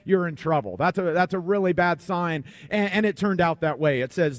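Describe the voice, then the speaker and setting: A man's voice: sits high, expressive, moderate pace, few pauses, no room sound, studio quality. A man preaching a sermon in a conversational, folksy way, often repeating words as he explains a Bible passage. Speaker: pastor.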